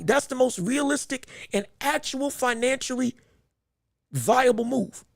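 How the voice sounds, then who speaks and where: A man's voice: very high-pitched, vocal fry, no room sound, clean studio sound. A man hosting a boxing podcast, making his points emphatically and repeating himself with frequent restarts. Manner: emphatic, repetitive, stumbling restarts. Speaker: podcast host.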